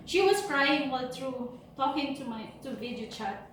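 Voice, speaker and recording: A woman's voice: high voice, expressive, normal speed, a bit bright. A woman giving an earnest, heartfelt motivational talk, telling her own story. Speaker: motivational speaker. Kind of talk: personal storytelling speech. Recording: echoey room from far off, faint noise.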